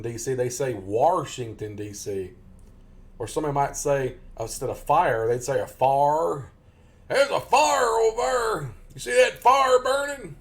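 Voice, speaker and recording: A man's voice: mid-range voice, darkish tone. A man chatting casually as a gaming live streamer, folksy and rambling, chuckling often. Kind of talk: casual chat over gameplay.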